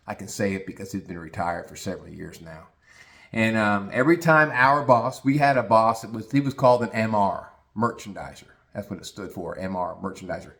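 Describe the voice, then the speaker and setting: Brief: middle-aged male podcast host, blunt and crude, rambling storyteller. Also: on the low side. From United States. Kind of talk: casual storytelling monologue.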